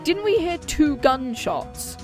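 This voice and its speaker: A young woman streaming a game, reading its dialogue aloud and chatting with quick reactions. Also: sits high, sing-song, soft background music.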